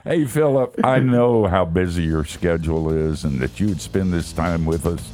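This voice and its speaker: A man's voice: low voice, moderate pace, warm tone, a little hiss or hum. A man hosting a talk show, folksy and joking, with enthusiastic reactions. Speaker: host. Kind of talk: casual chat.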